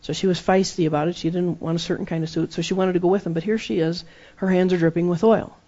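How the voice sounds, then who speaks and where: A man's voice: high voice, fairly even intonation, quick pace, mellow. Emphatic male preacher, lo-fi sound. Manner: emphatic, repeats phrases for effect. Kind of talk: sermon. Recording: dull lo-fi sermon recording.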